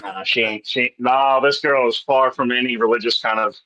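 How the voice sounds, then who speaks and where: A man's voice: medium pitch, fairly even intonation, normal speed, pushed and bright, a little hiss or hum, low-quality recording. A man hosting a casual group chat on a video call, joking crudely and laughing often. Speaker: livestream host.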